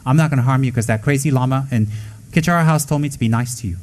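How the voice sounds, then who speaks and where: A man teaching Buddhism in a blunt, scolding way. He mixes sharp rebukes with joking asides and briefly acts out what others would say. His pitch sits in the ordinary middle for a man. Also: very fast, poor audio. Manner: acts out quoted voices. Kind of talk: dharma talk to students.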